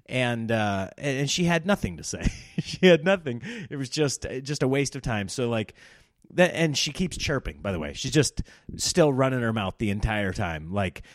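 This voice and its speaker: Man, comedian podcast host, casual storytelling, sarcastic and animated, mid pitch, dry close sound. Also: dry recording.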